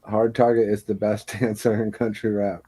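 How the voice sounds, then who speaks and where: A man's voice: lowish voice, little pitch movement, normal speed, mellow, breathy edge. A man appearing as a guest country rapper, telling stories in casual, profane podcast chat. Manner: loose, profane storytelling.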